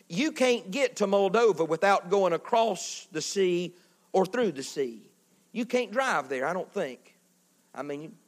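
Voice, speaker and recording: A man with a strikingly high voice preaches a lively sermon. He swings between loud bursts and hushed asides, acting out other people's voices as he goes. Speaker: pastor.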